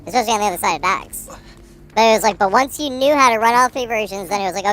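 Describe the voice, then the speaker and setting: A woman commenting on her gameplay live, rapid and exasperated, swearing at times. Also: mid-range voice, fairly bright tone, slight background noise.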